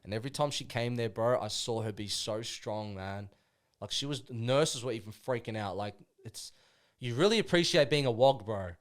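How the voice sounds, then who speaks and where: A man's voice: medium pitch, moderate pace. A young Australian man, a podcast guest, talking casually and rambling, full of slang and "bro". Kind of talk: casual conversation.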